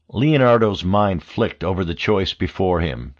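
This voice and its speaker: Low-voiced male audiobook narrator. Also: animated, a little slow, hardly any pauses. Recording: dull lo-fi audio.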